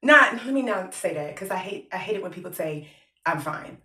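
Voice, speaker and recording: A woman's voice: medium pitch, animated, fairly quick, bright, forceful tone, distant mic, slight background noise. A woman vlogging candidly at home, talking in a blunt, profane, self-mocking way that keeps joking through grief. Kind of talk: candid personal vlog. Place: her home, moving between rooms. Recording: roomy echo, off from the mic.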